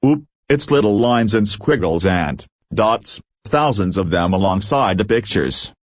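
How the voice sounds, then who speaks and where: A man's voice: on the low side, expressive, measured pace, no room sound, clean studio sound. A man voicing an easily amused alien crew member who giggles.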